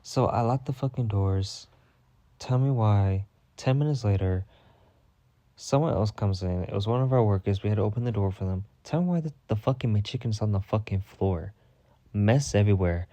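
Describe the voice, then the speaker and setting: A man's voice: lowish voice, moderate pace, mellow, no room sound. A man hosting a storytime podcast, telling a story in a sassy, dramatic way with heavy cursing. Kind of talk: casual profane storytime rant.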